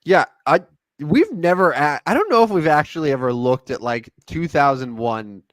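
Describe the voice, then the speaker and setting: A man co-hosts a sports podcast in a rambling, joking way. His pitch swings widely as he talks. The sound is close and dry, with no room echo. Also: moderate pace. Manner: rambling, jokey, animated sign-off. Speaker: podcast co-host. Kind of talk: casual sports podcast chat.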